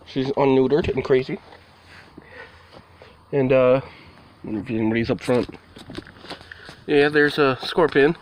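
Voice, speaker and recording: A man's voice: medium pitch, dull audio, a little hiss or hum. Man rambling to his cats on a vlog. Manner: rambling, talks to his cats, mild swearing. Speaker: vlogger. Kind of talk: casual vlog update. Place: indoors near a door, partly outside.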